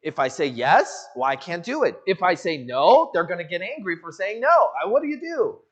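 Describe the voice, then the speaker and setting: A man's voice: high-pitched, very animated, moderate pace, fairly bright tone, muffled recording. A male pastor preaching an expository sermon, who acts out the voices of the people in the story. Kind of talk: expository sermon with acted-out dialogue. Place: church sanctuary.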